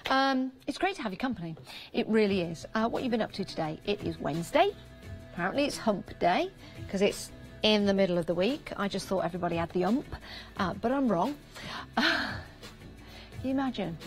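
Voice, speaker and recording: A woman's voice: medium pitch, animated, fairly quick, faint music behind. Chatty English Midlands woman selling on air. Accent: English Midlands or Northern. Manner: chatty, upbeat, repeats prices and counts for emphasis. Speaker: shopping channel presenter. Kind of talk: live TV product selling. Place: TV studio.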